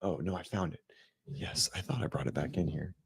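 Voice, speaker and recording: A man's voice: very deep voice, a little fast, gravelly, slight background noise. A man hosting a casual morning fitness livestream from home, chatting loosely, greeting viewers by name and rambling as he goes. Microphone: desk microphone.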